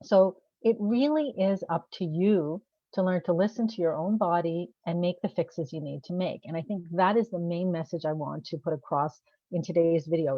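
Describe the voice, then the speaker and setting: Woman coach, lowish voice, chatty to-camera vlog, asks listeners direct questions, dull dry sound. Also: dry recording. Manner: conversational, asks rhetorical questions; laughs at herself. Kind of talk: casual to-camera talk.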